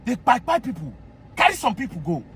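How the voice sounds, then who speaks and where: A man with a Nigerian accent, ranting in mocking commentary and often shouting. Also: extremely high pitch, wildly swooping pitch, fairly quick, slight background noise.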